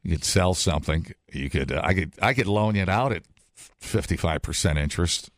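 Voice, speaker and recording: A man's voice: deep voice, normal speed, no echo, clean studio sound. A man hosting a morning radio show, chatting loosely and joking with callers. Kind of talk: casual morning radio chat.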